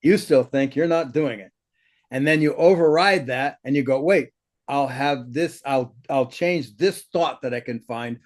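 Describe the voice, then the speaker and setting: A man teaching in conversation, blunt and animated, laughing often and cursing casually, his voice swooping up high when he mimics others. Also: a little slow. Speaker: spiritual teacher.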